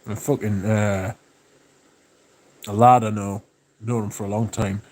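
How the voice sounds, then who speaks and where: A man hosting a livestream, chatting casually and reading out viewer comments, relaxed and enthusiastic with plenty of swearing. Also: fairly low pitch, a little slow. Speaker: livestream host.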